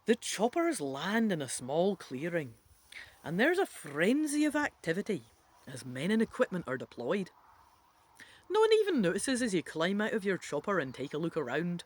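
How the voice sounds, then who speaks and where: A woman's voice: on the low side, very animated, moderate pace. A woman reading an interactive adventure book aloud, adding playful, chatty asides to the listener.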